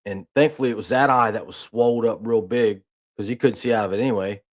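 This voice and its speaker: Folksy low-voiced man telling stories. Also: fast. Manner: rambling, folksy, with restarts and "I mean". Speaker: host of a news talk stream. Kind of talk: casual storytelling and reading news aloud.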